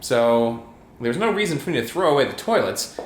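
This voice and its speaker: A man's voice: mid-range voice, big pitch swings, moderate pace, a little hiss or hum. A young man vlogging at home, chatting in a rambling way with self-mocking asides. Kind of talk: casual home vlog. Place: inside a home.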